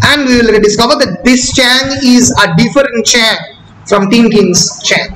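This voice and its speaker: A man's voice: very high-pitched, very fast. Guy lecturing on a comic, reads the lines out, roomy echo. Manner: switches between English and Bengali, acts out lines. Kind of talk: textual analysis lecture reading comic dialogue aloud. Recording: roomy echo with clear background noise.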